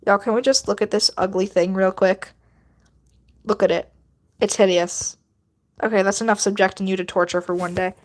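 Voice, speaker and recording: A woman's voice: mid-range voice, steady tone, moderate pace, pauses often. A woman livestreaming while she draws, chatting casually and rambling to her viewers, often laughing.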